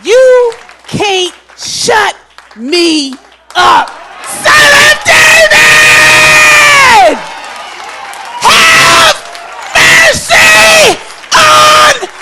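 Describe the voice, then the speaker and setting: A man's voice: some chatter behind, a little hiss or hum, heavily acted. Woman playing a blind beggar hollering for mercy. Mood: desperate pleading. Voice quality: loud, high, drawn-out hollering. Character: desperate blind beggar man crying out.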